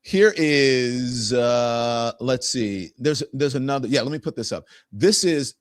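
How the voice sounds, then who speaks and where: A male talk show host delivers political commentary with a sarcastic, emphatic edge. His voice sits at a middle pitch. The recording is dry and close, with no room sound. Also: slow, no echo.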